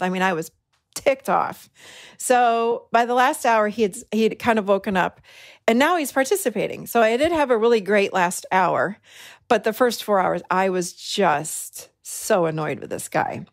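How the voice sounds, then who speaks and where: A woman hosting a podcast, telling a personal story in an animated way and acting out the voices she quotes. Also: mid-range voice, moderate pace, no echo, clean studio sound. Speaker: podcast host. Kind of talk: storytelling monologue.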